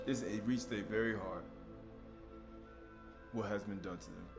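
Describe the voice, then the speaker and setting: A man preaching a sermon in a conversational, animated way, with sudden loud outbursts. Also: on the low side, unhurried, gravelly, over music.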